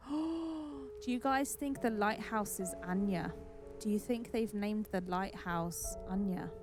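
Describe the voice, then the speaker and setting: A woman's voice: mid-range voice, takes it slowly. A woman streaming a video game, chatty and exclaiming, who mocks herself as she plays. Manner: chatty, exclaiming, self-mocking. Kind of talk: gaming stream commentary. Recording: game music behind.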